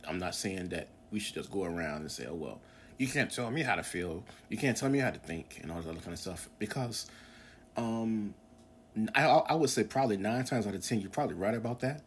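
Deep-voiced earnest man in his forties. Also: animated, a little fast, a little hiss or hum. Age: 40s. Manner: rambling, earnest, with many fillers and restarts. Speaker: podcast host. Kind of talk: casual religious podcast monologue.

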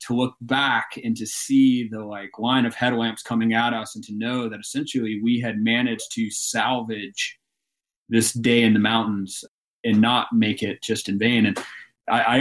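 Animated man telling stories. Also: lowish voice. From Alabama. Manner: animated storyteller, laughs often. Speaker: guest, mountain guide. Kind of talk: storytelling interview.

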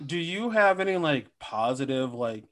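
A man's voice: on the high side, animated, moderate pace, a bit bright. A man co-hosting a podcast in casual chat, joking and slipping into silly impressions. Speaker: podcast co-host.

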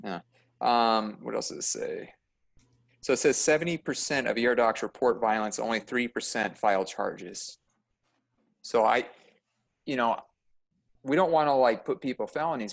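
An ER nurse chats casually on a podcast, telling animated stories packed with fillers, and his voice rises high and loud when he gets worked up. He talks at a moderate pace with vocal fry.

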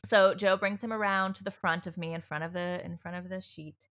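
Woman host, lowish bright voice, candid rambling storyteller with lots of fillers and a freely swearing tongue. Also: fairly even intonation, brisk. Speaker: podcast host telling her birth story. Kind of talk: casual chat.

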